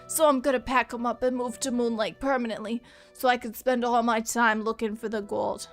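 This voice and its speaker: A woman's voice: fairly high pitch, little pitch movement, brisk, faint music behind, close to an everyday voice. A woman voicing a struggling male treasure hunter from the 1930s, reading his journal aloud with a tough-guy gangster drawl. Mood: weary, rueful.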